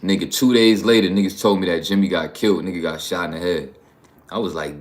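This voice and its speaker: A man's voice: deep voice, steady tone, fast talker. A man from New York hosting a livestream, talking bluntly and profanely in a rambling, casual way. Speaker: livestream host.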